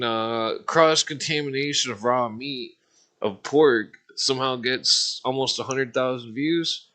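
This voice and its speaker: Speaking a little slowly in a medium-pitched voice, this streamer in his forties sounds bright and forceful. He rambles profanely through a casual livestream rant, cursing nonstop and cracking himself up at his own jokes.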